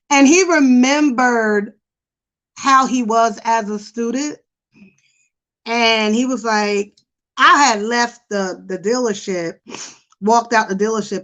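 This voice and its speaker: Middle-aged lady on a psych podcast, fairly high voice, talks loose and lively with lots of like and you know. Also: slow, long pauses. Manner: chatty, animated, lots of fillers. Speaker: podcast host, psychology professional. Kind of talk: casual chat.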